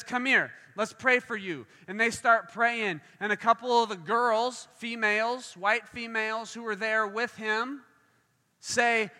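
A man preaching a sermon, telling a story and acting out the voices in it. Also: high voice. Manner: animated, acts out voices in stories. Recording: long hall reverb.

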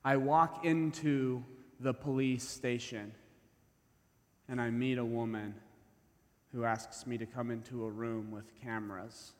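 A male preacher telling a story from his own life, at a middle pitch for a man. His delivery is intense and swings from near-whispers to raised outbursts. A long hall reverb trails behind every line. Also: steady tone, unhurried. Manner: intense, swings from hushed to loud. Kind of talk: personal story told in a sermon.

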